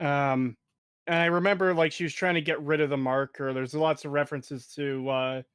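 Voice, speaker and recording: A man's voice: on the high side, fairly even intonation, fairly bright tone, clear, resonant tone, dry recording. Guy co-hosting, kinda hesitant, umms a lot, dry close mic. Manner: halting, hesitant with fillers. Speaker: co-host reading donations. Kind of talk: casual chat.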